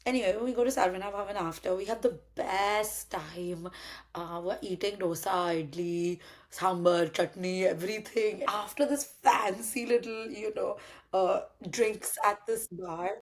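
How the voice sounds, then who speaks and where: A woman's voice: medium pitch, measured pace. A young woman from India, telling a dating story in casual chat, acting out both sides of the dialogue and swearing casually. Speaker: podcast host telling a story.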